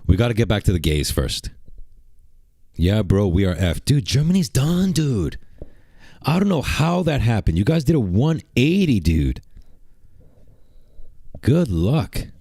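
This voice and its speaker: A man's voice: mid-range voice, very animated, a little slow, pauses often, dark tone, breathy edge, dry recording. A man doing mocking livestream reaction commentary, rambling and sarcastic, repeating rhetorical questions.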